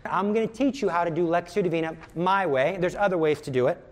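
Emphatic male prayer teacher, high-voiced, earnest. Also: fast. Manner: earnest and emphatic, repeats words for stress. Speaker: religious teacher.

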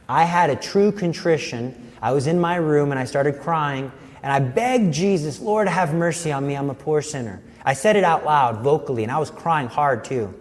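A man's voice: fairly high pitch, darkish tone, big-room sound. A man giving an earnest personal faith testimony, telling his story vividly.

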